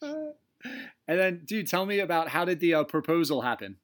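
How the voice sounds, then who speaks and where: A man's voice: a little high, big pitch swings, normal speed. A man hosting a casual podcast interview, laid-back and chummy. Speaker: podcast host.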